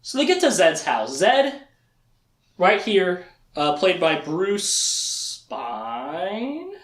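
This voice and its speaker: A man presenting a casual lecture, retelling events and acting out the characters' lines in quick quips. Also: sits high, big pitch swings, a bit bright, echoey room. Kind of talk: casual lecture with slides and jokes.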